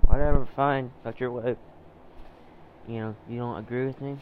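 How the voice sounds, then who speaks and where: A man's voice: mid-range voice, fairly even intonation, normal speed, narrow, tinny audio, a little hiss or hum. Rambling, profane man ranting on a podcast. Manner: rambling, profane, repeats himself, many fillers. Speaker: podcast host. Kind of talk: solo podcast rant.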